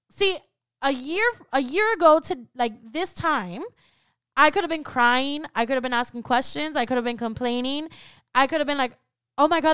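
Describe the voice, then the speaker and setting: A woman's voice: sits high, a bit bright, dry recording. Woman in her 30s on a faith podcast, candid chatty talk, super dry close mic. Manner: candid, conversational, repeats "right?". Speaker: podcast co-host.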